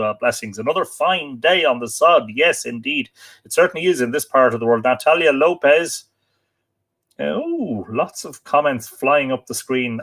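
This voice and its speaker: A man's voice: mid-range voice, fairly bright tone. An Irish man hosting a live stream from his home library, reading out viewer comments in a chatty, teasing way with frequent fillers. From Ireland.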